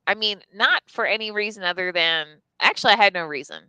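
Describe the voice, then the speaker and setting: A woman's voice: mid-range voice, animated, brisk, pushed and bright, clear, resonant tone, no echo, low-quality recording. A woman telling a candid personal story on a live stream, casual and profane, full of "like" and restarts. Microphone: live stream mic.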